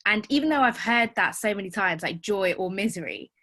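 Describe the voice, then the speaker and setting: Female teacher on a call, reflective, filler-heavy, mid-pitched. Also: lively intonation, brisk, sharp tone. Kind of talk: casual sharing on a group call.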